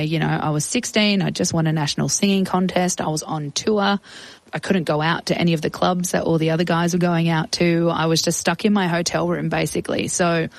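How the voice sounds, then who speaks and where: A woman's voice: sits low, no room sound, rough recording. A young woman recounting her past as an interview guest, chatty and acting out quoted voices. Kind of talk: casual storytelling.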